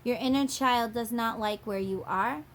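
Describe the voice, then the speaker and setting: A woman's voice: a little high, a little hiss or hum. A woman giving a channeled tarot reading to her viewers, musing aloud and dropping into acted quotes. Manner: drawn-out, musing delivery that dips into acted quotes. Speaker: tarot reader.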